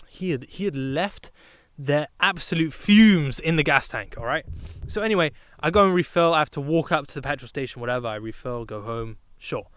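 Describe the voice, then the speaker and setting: A young British man telling a comic storytime vlog, animated, with sudden loud bursts. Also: fairly high pitch, normal speed, clean tone, dry recording. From Britain. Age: young adult. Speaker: vlogger.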